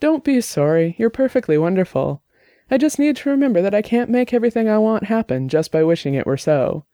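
A woman's voice: medium pitch, sing-song, fairly quick, warm tone, no room sound, clean studio sound, pitched above the performer's own voice. A man reading the part of a chatty young woman programmer, bubbly and teasing, in an audiobook.

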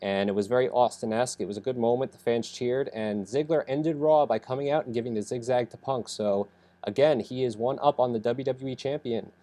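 A man's voice: mid-range voice, brisk, mellow. Sick man rambling through a recap. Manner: rambling, lots of fillers and self-corrections. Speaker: podcast host reviewing wrestling. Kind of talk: casual recap monologue.

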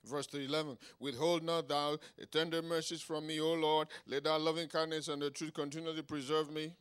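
A man preaching a sermon emphatically, swinging between quiet asides and loud exclamations and checking in with his listeners. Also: on the high side, little pitch movement, normal speed, clean tone. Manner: engages the audience with "Huh?" and "Is anybody getting anything?".

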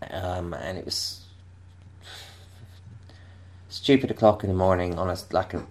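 A man's voice: low voice, a little slow, a little mellow. A man from England telling a rambling anecdote in casual chat, often restarting and laughing. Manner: rambling, self-interrupting, laughing storyteller.

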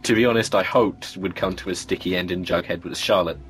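A man with a very deep voice talks through a TV show in casual chat. He thinks aloud with hesitant restarts, and faint music plays behind him. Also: steady tone, fairly quick, a bit bright.

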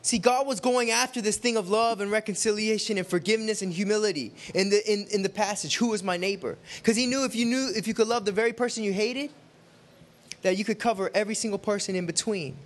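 A man preaching to a group, telling a personal story in a conversational, animated way and acting out the quotes. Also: high-pitched, fast. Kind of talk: sermon with storytelling.

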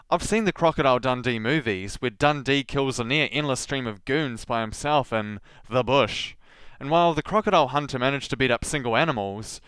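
New male host, smooth clear voice, dry close sound, sardonic commentary. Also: medium pitch, fairly bright tone, no room sound. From Southland, New Zealand. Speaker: podcast host. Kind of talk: scripted commentary.

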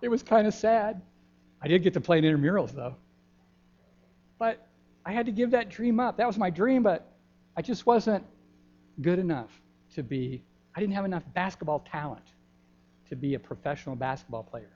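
An older man, a pastor giving a gentle, folksy children's sermon in a church, pausing often with ums. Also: high voice, expressive. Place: church sanctuary. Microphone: handheld microphone. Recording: dull lo-fi church recording.

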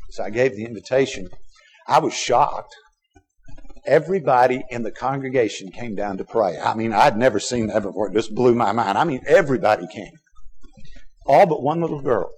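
A middle-aged man from Texas, preaching a sermon as pastor, swinging between loud urging and quiet, low asides. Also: moderate pace. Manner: emphatic preaching with sudden loud and soft swings.

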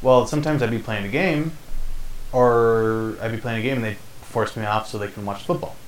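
A man in his twenties co-hosting a casual chat, rambling with halting restarts. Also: mid-range voice, rough recording. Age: 20s. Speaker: podcast co-host.

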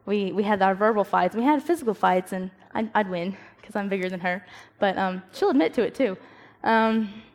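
A young woman gives a casual devotional talk to a youth group. She is animated, acts out quoted voices, and laughs at herself. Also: medium pitch, fairly quick, few pauses.

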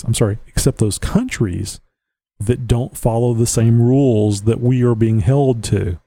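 A man's voice: mid-range voice, mellow, dry recording. Man, Southern US accent, podcast host, casual rambling monologue, opinionated, very dry close sound. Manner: opinionated, blunt, chuckles to himself. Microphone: home podcast mic.

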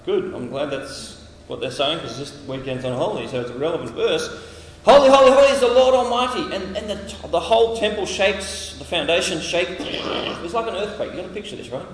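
A high-voiced Australian man preaches in a large, echoing hall, his voice carrying a long reverb. He is animated and dramatic, switching into little acted voices for the figures in his passages. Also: normal speed, a little hiss or hum. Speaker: camp speaker. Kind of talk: sermon. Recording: echoey hall, heard from a distance.

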